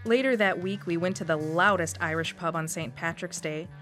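A woman's voice: fairly low pitch, normal speed, fairly bright tone, faint music behind. Upbeat Wisconsin-accented woman telling her story. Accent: Northeast Wisconsin. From Wisconsin, USA. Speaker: radio story contributor. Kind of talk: scripted personal narration.

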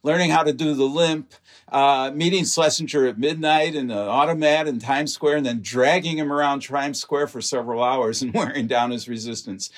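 A man's voice: medium pitch, moderate pace. Man recounting film history anecdotes. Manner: detailed, anecdotal, with fillers. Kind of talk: interview storytelling.

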